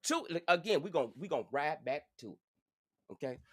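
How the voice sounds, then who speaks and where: A man's voice: a little high, expressive, normal speed, dry recording. A man hosting a casual commentary vlog, sassy and profane, repeating phrases for emphasis. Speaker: channel host.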